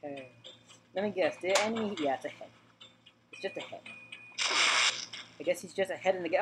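A woman's voice: mid-range voice, moderate pace, pauses often, background noise. A woman hosting a let's play video, talking chattily over her gameplay, repeating words and joking with the characters on screen. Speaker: gaming channel host.

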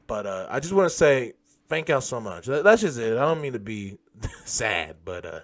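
Animated man swearing at his game. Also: mid-range voice, normal speed, a little hiss or hum. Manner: loose, profane, laughs and yells at the game. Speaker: gaming channel host. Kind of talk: casual gameplay commentary.

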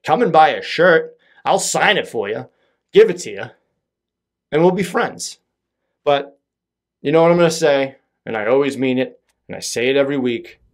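A young man talks alone into his podcast mic, rambling and swearing freely. His voice sits at an ordinary middle pitch, and he keeps undercutting himself with wry asides. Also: lively intonation, normal speed, pauses often. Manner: rambling, profane, self-deprecating. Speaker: podcast host. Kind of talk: solo podcast monologue.

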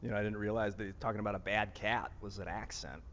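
A fairly low-voiced man with a Northeast Ohio accent rambles through a casual vlog, musing and restarting his sentences. The sound is dull and lo-fi, with a long reverb trailing his words. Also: fairly even intonation, fast, fairly bright tone, a little hiss or hum. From Northeast Ohio, USA. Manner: musing, meandering, many fillers and restarts. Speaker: vlogger. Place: outdoor rooftop among plants.

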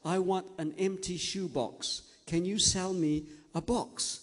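A man's voice: high-pitched, fairly even intonation, slow. A man doing an eager, determined little girl. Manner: insistent, secretive. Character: eager determined eight-year-old girl.

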